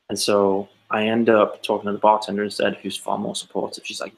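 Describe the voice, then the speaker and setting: A man's voice: on the low side, steady tone, quick pace, a bit bright, poor audio. A man co-hosting a casual podcast, telling a long rambling anecdote and acting out the quotes. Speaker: podcast co-host. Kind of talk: casual storytelling chat.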